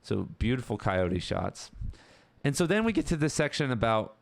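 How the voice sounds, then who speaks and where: A man's voice: mid-range voice, normal speed, vocal fry. Man rambling casually about a book. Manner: rambling, relaxed, with fillers. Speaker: podcast host.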